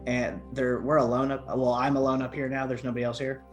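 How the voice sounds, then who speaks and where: A man's voice: mid-range voice, level tone, brisk, faint music behind. Man describing moves as a tabletop player. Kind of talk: tabletop role-play.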